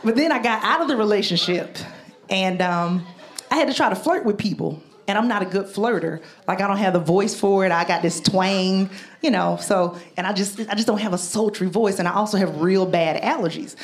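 A woman with a twang doing a stand-up comedy set in a club, animated and loud on her punchlines. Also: mid-range voice, fairly quick. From Southern United States. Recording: live club with loud crowd noise. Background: audience laughter and chatter.

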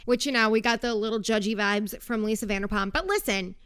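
A woman's voice: mid-range voice, a little fast, fairly bright tone, clean tone. A young woman hosting a casual podcast, chatty and sarcastic, going off on tangents while recapping a reality show. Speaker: podcast host.

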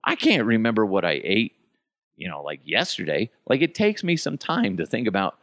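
A man riffs through a profane comedic monologue, mocking coworkers one by one. His lowish voice swings widely in pitch, and the sound is close and dry. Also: sing-song, moderate pace, a bit bright, no room sound. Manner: mocking, profane, breaks into impressions. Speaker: podcast host.

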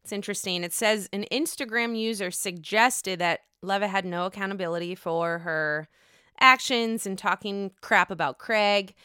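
A woman's voice: medium pitch, moderate pace, sharp tone, clear, resonant tone, no echo, studio quality. A woman with a Pittsburgh accent hosting a casual gossip podcast, candid and profane, with a sore throat. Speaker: podcast host. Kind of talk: casual reality-TV gossip chat.

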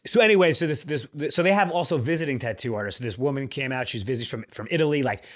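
A man in his thirties co-hosting a podcast, telling a story in a casual, animated way with many fillers. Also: medium pitch, rapid-fire. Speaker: podcast co-host. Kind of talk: casual chat.

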